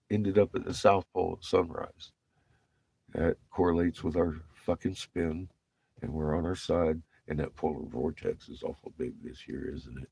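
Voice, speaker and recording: Profane rambling man with a deep husky voice. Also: dark tone, dry recording. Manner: profane, rambling, laughing often. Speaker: vlogger telling navy stories. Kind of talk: rambling casual storytelling.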